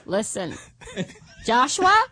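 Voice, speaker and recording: A woman's voice: fairly high pitch, wildly swooping pitch, slow, sharp tone. Giggly woman in playful banter. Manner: laughs often, lots of fillers, playful. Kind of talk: casual comedic chat.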